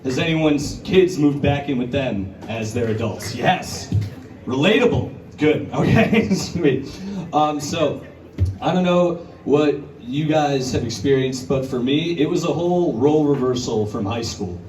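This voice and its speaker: A male stand-up comedian doing a crude, conversational set at a brewery show, jumping into high, put-on voices to act out scenes. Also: animated, unhurried, a crowd in the background. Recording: roomy bar recording from a distance. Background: audience laughter and bar ambience.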